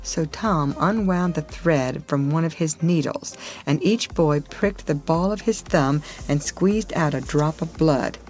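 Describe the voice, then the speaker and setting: A woman narrates a storybook in a slow, careful read-aloud pace for learners. Her voice sits fairly low, and soft music plays faintly behind her. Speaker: storybook reader.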